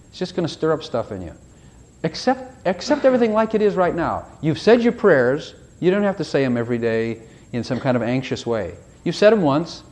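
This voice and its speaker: A man preaching in a conversational, folksy way, rambling and asking his listeners rhetorical questions, with loud bursts and soft asides. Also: mid-range voice. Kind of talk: conversational sermon.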